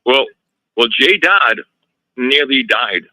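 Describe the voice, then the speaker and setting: A man being interviewed as a guest, telling a story from his own home in a casual, animated way, with frequent restarts and retold dialogue. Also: mid-range voice, slow pace, dry recording. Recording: slightly dull lo-fi audio.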